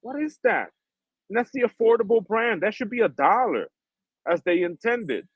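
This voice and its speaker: A man's voice: high-pitched, big pitch swings, normal speed, husky, dry recording, lo-fi sound. A man hosting a livestream, ranting in heated, profane street slang. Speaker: livestream host.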